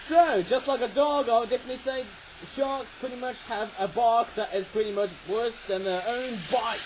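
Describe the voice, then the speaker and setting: A man's voice: very high voice, moderate pace. A man chatting through a casual toy review, rambling on and tagging his sentences with "eh?". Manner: rambling, chatty, tags lines with "eh?"; raising his voice over train noise. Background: toy train running.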